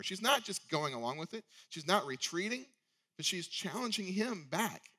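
A man's voice: fairly high pitch, sharp tone. A male preacher giving a sermon in a conversational way, often asking rhetorical questions.

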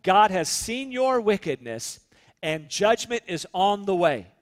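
A man preaching a sermon as pastor, earnest, slowing down to stress key points. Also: high-pitched, big pitch swings, long reverb tail. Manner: earnest preaching, slows for emphasis.

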